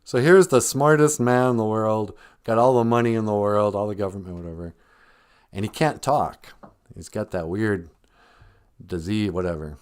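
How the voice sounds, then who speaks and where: A man hosting a live comedy podcast, rambling through mock-earnest, deadpan satire. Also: fairly low pitch, normal speed, clean tone. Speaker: podcast host.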